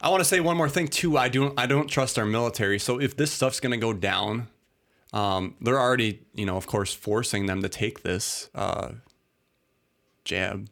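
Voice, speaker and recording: A podcast host, somewhat tipsy, rambles and laughs his way through a casual chat on his talk show. His medium-pitched voice is a little bright and moves at an ordinary speed.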